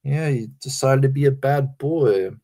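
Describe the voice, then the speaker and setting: A man's voice: medium pitch, a little slow, dark tone. A man hosting a livestream and chatting with viewers in a casual, giggly, profane and mocking way. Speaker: livestream host.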